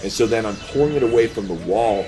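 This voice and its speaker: Man, low voice, casual let's play storytelling, laughs through his tale, faint music behind. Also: animated, quick pace. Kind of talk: casual storytelling over gameplay.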